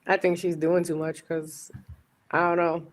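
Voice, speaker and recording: A woman's voice: lowish voice, flat delivery, a little slow. A woman taking part in a casual panel chat by call. She speaks hesitantly, hedges her opinions and trails off. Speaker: panel guest.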